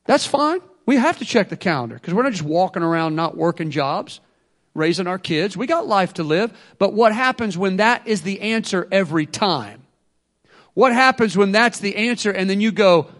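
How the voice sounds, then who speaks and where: A man preaching a sermon with energy, swinging between loud bursts and quiet asides to the congregation. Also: high voice, moderate pace. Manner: energetic preaching, acts out excuses in quotes. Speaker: pastor.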